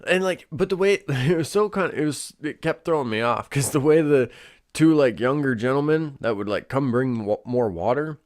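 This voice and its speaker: A man's voice: medium pitch, lively intonation, moderate pace. A young man hosting a casual solo show, rambling with lots of fillers and swearing. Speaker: podcast host.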